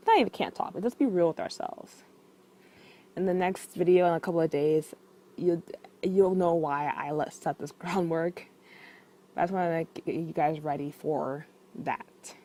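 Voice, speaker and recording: A woman's voice: on the low side, rough recording. A young adult woman talking to her viewers in a casual vlog, rambling with many restarts and fillers. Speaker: vlogger.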